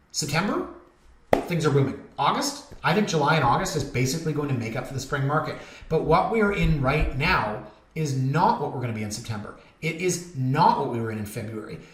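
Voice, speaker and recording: A man's voice: fairly high pitch, a bit bright. A man working as a real estate agent, chatting candidly and wandering off topic as he goes over listings. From Canada. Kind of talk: casual market commentary over listings. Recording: echoey room with faint noise.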